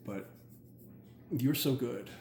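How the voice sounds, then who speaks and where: A man who works as a hypnotherapist, chatting casually and excitedly, rambling with many "like"s. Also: medium pitch, slow, gravelly. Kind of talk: casual chat. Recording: roomy with faint ambient noise.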